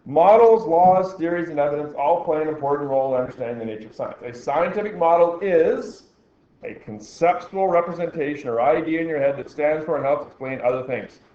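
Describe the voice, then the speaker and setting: A middle-aged man lectures a science class, reading a passage aloud and breaking off to explain it, with a dry teacherly joke now and then. His voice sits a little high for a man. The recording is dull and muffled, with strong classroom echo. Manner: reads a text aloud and pauses to explain, with dry teacherly jokes. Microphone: recorder in the room. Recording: very echoey, dull classroom recording with faint noise.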